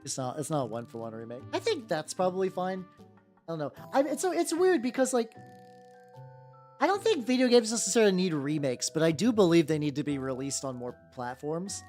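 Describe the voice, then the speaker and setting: A chatty streamer talks through a painting session in a loose, rambling way, full of fillers and false starts. The voice sits at a middle pitch but swoops up and down a lot. Soft background music plays faintly under the talk. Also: sing-song, fairly quick. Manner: rambling, many "like" fillers and restarts; answers chat while painting. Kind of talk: casual livestream chat.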